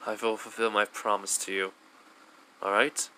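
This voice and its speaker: A man's voice: lowish voice, level tone, normal speed, sharp tone, a little hiss or hum. A man voicing a confident young male hero in a fan story retelling, in a casual, matter-of-fact way.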